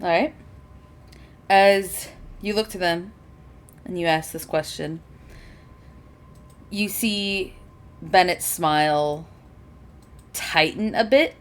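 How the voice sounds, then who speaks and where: A woman game master narrating a tabletop fantasy session in a relaxed, unhurried way. Her voice sits on the low side, and she swears and laughs easily as she describes the scene. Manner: casual, laughing, swears freely.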